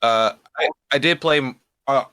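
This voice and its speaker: A young man in his late teens, new to voice acting, speaks casually as an interview guest in a medium-pitched, sharp yet smooth voice, recorded dry. He talks haltingly, often repeating words and restarting his sentences.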